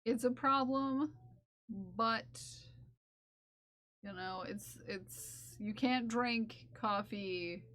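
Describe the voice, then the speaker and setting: A woman's voice: on the high side, extremely slow, pauses often, fairly bright tone. A woman streaming live while knitting, chatting casually and playfully with her viewers and her cat, laughing often.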